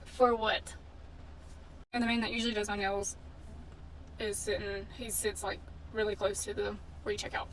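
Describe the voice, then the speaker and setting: A woman's voice: medium pitch, level tone, a little fast. A woman in a casual storytime vlog, telling a story in a blunt, indignant way and swearing freely. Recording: distant mic with faint background noise.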